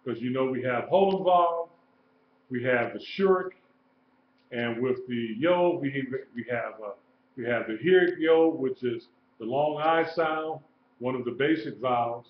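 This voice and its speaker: A man teaching a live-streamed lesson, explaining slowly and repeating key points. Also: medium pitch, a little hiss or hum. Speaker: Hebrew teacher. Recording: echoey room, dull lo-fi sound.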